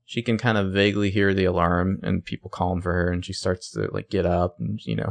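A man casually recapping a TV episode on a podcast, acting out the characters' lines in quick put-on voices. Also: deep voice, vocal fry. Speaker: podcast co-host recapping a show. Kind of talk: casual chat.

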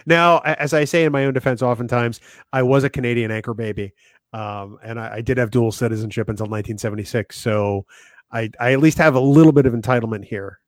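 A man's voice: medium pitch, moderate pace, no echo. A man hosting a casual podcast, joking around and reading out listener comments. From New England. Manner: jokey, reads listener comments. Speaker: podcast host.

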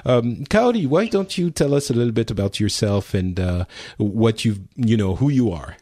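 Middle-aged French male podcast host, chatty and teasing, even mid pitch, dry recording. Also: moderate pace, no room sound. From France. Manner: chatty, teasing, restarts often. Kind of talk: casual chat.

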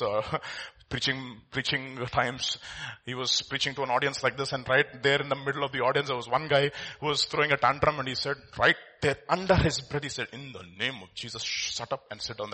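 A man from India preaching a sermon, his delivery swinging between loud, emphatic bursts and quiet, hushed asides. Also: medium pitch, fairly even intonation, a little fast.

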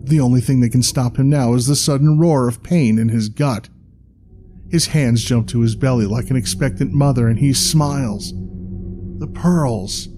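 A man narrating a dark tale in a measured, dramatic scripted reading. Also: medium pitch, music in the background.

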